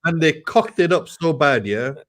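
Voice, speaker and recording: A man's voice: a little high, animated, normal speed. A man in a casual panel chat, talking conversationally and teasing the others. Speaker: panel guest.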